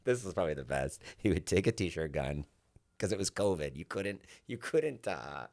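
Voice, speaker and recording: A man's voice: deep voice, normal speed, no room sound. A man in his forties, a podcast guest telling stories in casual chat and acting out what others said. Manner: animated storyteller, acts out quotes loudly.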